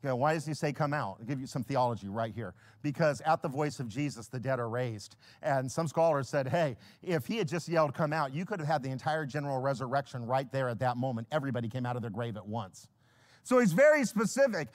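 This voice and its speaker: Animated preacher with wide pitch swings. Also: male voice, a little fast. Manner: animated, swings from hushed to shouting when quoting scripture; storytelling, acts out biblical characters with humor. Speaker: pastor. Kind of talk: sermon.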